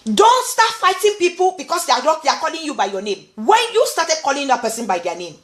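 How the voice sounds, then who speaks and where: A woman from Nigeria with a Nigerian accent, talking in an animated vlog monologue and often repeating words. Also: sits high, fairly quick, echoey room. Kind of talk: casual monologue.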